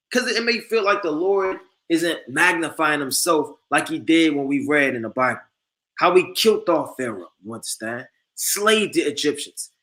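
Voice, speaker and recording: Male street preacher, high bright voice, emphatic and repetitive. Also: expressive. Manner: emphatic, repeats "man" and "you understand"; reads scripture slowly and forcefully. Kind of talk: street-style sermon.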